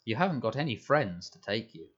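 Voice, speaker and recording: A man's voice: fairly low pitch, big pitch swings, brisk, fairly bright tone, husky, exaggerated voice. Sneery bully kid, a guy doing the voice, turns whiny and scared, a bit muffled. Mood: panicked. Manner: sneering, taunting. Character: boastful bullying boy, taunting and whiny.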